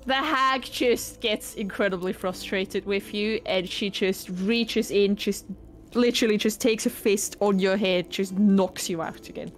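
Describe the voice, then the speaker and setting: A woman narrating a tabletop game as game master, relaxed and conversational. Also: medium pitch, measured pace, slight background noise.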